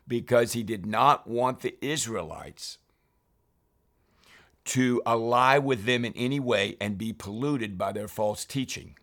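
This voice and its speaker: A man's voice: on the low side, a bit bright. Man teaching Bible passages. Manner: reads verses then explains them, often saying "remember". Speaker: preacher reading scripture.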